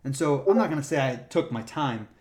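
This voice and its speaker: A man with a mid-range voice chats casually, recounting stories from his work as a park ranger. He tells them in a lively way and plays out the voices of the people involved. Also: mid-range voice, brisk. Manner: animated retelling, acts out the people in his stories. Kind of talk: casual storytelling chat.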